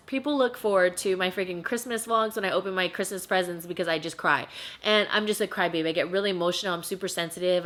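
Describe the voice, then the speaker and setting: A woman's voice: mid-range voice, fairly bright tone. A young woman vlogger telling a personal paranormal story in a chatty, emotional way, with many fillers. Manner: chatty, emotional, heavy use of "like". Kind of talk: casual storytime vlog.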